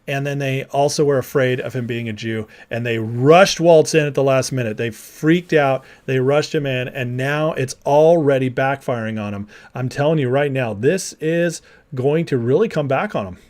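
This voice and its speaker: A man talks straight into the mic on a live political show, his pitch sitting in a plain middle register. He is blunt and combative, quick to jab and quick to laugh as he reads out viewer comments. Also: darkish tone. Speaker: political livestream host.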